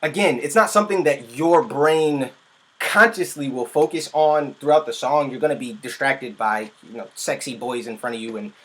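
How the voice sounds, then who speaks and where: A music producer gives casual reaction commentary on a music video, his mid-range voice at normal speed. He's excitable and rambling, often breaking off mid-sentence.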